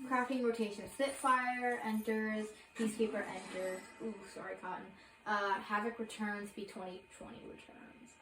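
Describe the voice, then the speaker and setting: A woman's voice: medium pitch, roomy sound, background noise. Rambling young woman reading patch notes. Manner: rambling, filler-heavy, self-correcting. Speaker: gaming video creator.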